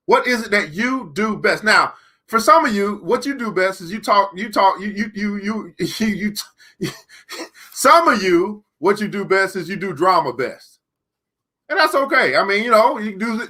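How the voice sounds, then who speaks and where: Hosting a live-streamed book club, a man with a high, pushed, bright voice talks emphatically. He repeats key lines slowly and cracks sarcastic jokes between points.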